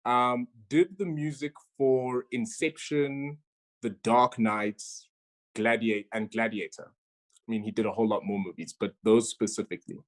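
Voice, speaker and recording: A woman's voice: a bass voice, fairly even intonation, a little slow. A woman hosting an online quiz over a video call, chatty and stumbling over her words as she reads each question twice. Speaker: quizmaster.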